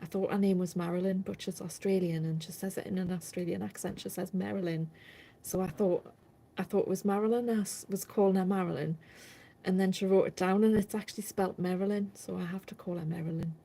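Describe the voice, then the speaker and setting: A woman chats through a casual live stream. She rambles from point to point and answers viewer comments along the way. Her voice is mellow and warm. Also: mid-range voice, fairly even intonation, quick pace, gravelly, rough recording.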